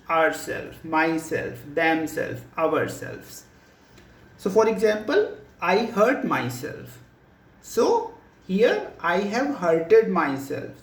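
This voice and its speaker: A teacher giving a recorded grammar lesson, explaining slowly and deliberately with many examples. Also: mid-range voice, creaky. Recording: echoey room.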